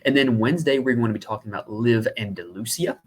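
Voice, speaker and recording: A man's voice: medium pitch, fast talker, a little hiss or hum. A man hosting a podcast, giving a chatty, conversational sports betting preview. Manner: chatty and conversational, talks at length. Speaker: podcast host.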